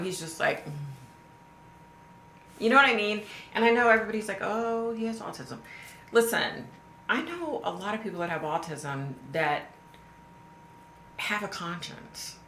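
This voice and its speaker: A woman livestream host reads out her viewers' comments and gives blunt answers, cursing freely and repeating the questions for emphasis. Her mid-range voice sounds pushed and bright, and the room is echoey with faint background noise.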